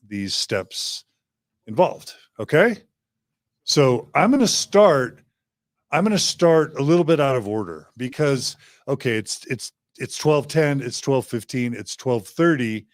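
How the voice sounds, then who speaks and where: A man's voice: medium pitch, no echo, clean studio sound. A man hosting a podcast, earnestly walking through a coaching scenario step by step. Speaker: podcast host. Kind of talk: coaching demonstration.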